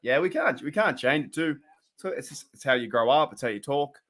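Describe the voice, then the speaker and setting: A man's voice: on the high side, animated, fairly quick, fairly bright tone. A man with an Australian accent hosting a live stream, casually commenting on a football game and chatting with viewers. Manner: chatty, reacts to plays and reads chat aloud.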